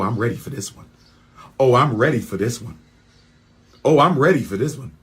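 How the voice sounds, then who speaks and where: A man in a heated, mocking rant to his audience, repeating lines for effect and swinging from loud outbursts to quiet asides. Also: fairly low pitch, husky. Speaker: speaker addressing his audience.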